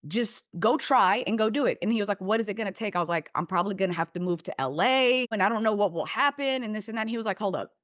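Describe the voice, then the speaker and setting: A young woman, a podcast guest, telling her life story in a casual, animated way, swearing freely and acting out what her parents said. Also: mid-range voice, fast talker, few pauses, no echo, clean studio sound.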